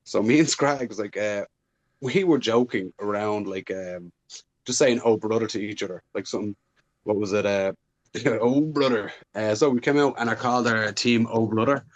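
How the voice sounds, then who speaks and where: A man's voice: on the low side, normal speed. A man, a wrestler guest on a podcast, chatting casually and rambling with lots of fillers.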